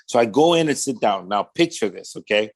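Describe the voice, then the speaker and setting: Brisk and expressive, with a voice on the low side, a man with a Southern California accent tells his testimony as an easygoing story. He dramatizes quoted voices and often says "man" and "right?".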